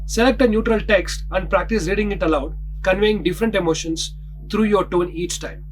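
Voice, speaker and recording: Male instructor, high voice, scripted and measured, reads heading then explanation. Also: slight background noise, rough recording. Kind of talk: scripted lesson narration.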